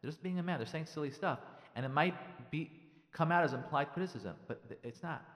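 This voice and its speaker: Male rabbi on radio, somewhat high voice, emphatic and repetitive, long reverb trailing his words. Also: a little fast, fairly bright tone. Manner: emphatic, repeats phrases, acts out spouses' lines. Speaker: rabbi giving marriage advice. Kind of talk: radio talk on marriage.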